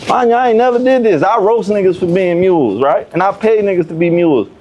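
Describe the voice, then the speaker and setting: A man's voice: sits high, expressive, quick pace, a little mellow, highs cut off, slight background noise. A young man guesting on a podcast, telling a prison story in heavy street slang and acting out the other people's lines. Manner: profane street slang, acts out quoted voices. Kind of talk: animated storytelling.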